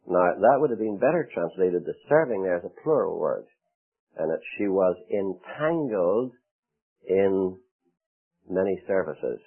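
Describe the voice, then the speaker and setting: A man preaching a sermon, expressive, with dramatic pauses and acted-out quotes. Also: low voice, husky. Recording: tinny phone-like radio broadcast.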